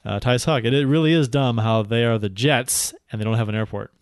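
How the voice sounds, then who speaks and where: A man's voice: mid-range voice, steady tone, fairly quick, clean tone, dry recording, clean studio sound. A man co-hosting a casual hockey podcast, joking around and rambling with frequent laughs. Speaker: podcast co-host. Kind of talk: casual sports podcast chat.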